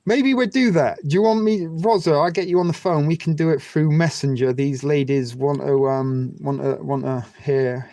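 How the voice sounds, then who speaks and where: A man's voice: mid-range voice, creaky, warm tone, no room sound. A man with an English West Country accent hosting a livestream, rambling through crude jokes with lots of fillers and restarts. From England. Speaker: livestream host. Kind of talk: casual chat with viewers.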